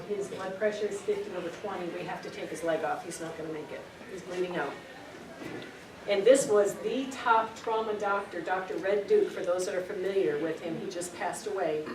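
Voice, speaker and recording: A middle-aged woman giving an earnest, storytelling spiritual talk to a group, repeating words for emphasis. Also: mid-range voice. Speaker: spiritual speaker. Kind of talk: informal spiritual teaching to a group. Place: meeting room. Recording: echoey room, distant mic, noisy.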